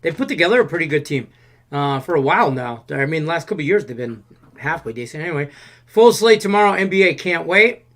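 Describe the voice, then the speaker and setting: Mężczyzna prowadzący luźny stream o zakładach sportowych. Czyta pytania widzów z czatu swobodnie i żartobliwie, głosem nieco wyższym niż przeciętny. Mówi niedbale, jakby gadał ze znajomymi. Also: male voice, fairly high pitch, expressive, fast, a bit bright. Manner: loose, joking, reads viewer questions aloud. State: out of breath. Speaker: show host reading chat. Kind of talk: casual sports betting livestream.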